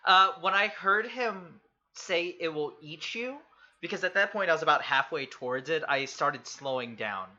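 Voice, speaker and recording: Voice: medium pitch, moderate pace, sharp tone, dull audio. A player in a tabletop game, talking casually and upbeat about what the character does.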